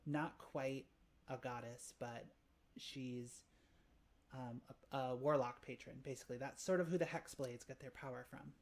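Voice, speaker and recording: Give me a woman game master narrating with halting, um-filled delivery. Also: extremely low pitch, fairly even intonation, darkish tone. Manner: hesitant, many fillers and restarts.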